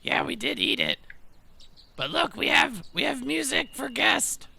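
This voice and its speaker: A man voicing a boastful goblin who shouts threats in a high voice. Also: huge pitch swings, measured pace, gravelly, exaggerated voice. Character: boastful male goblin with full mouth.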